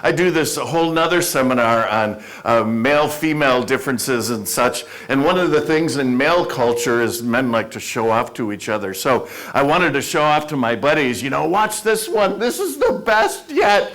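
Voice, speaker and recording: A male speaker telling an animated, humorous story to a live audience in a club meeting room. He pokes fun at himself as he goes. His voice sits in a middle pitch range. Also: moderate pace, few pauses. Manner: animated, self-deprecating storyteller. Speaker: motivational speaker.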